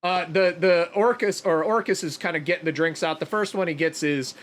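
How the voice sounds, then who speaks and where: A man's voice: fairly high pitch, brisk. Easygoing man running a tabletop game. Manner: relaxed, hesitant narration with many fillers. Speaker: game master.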